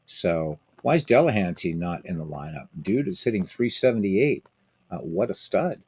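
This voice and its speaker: A man's voice: sits low, animated, moderate pace, darkish tone, breathy edge. A man hosting a stream of a baseball simulation game, chatting casually with viewers in a rambling way full of fillers and restarts.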